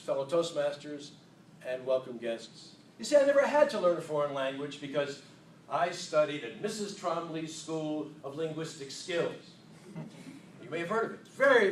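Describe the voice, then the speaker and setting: A man giving a humorous contest speech to an audience in a hall, playful and self-mocking, with unhurried comic timing. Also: on the high side, a little hiss or hum. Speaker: contest speaker. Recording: echoey hall, distant mic.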